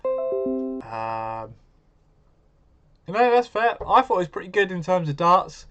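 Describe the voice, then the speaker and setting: A man's voice: high voice, very animated, slow, loud music behind the voice. A man hosting a live stream, chatting casually and answering viewers' comments as he goes.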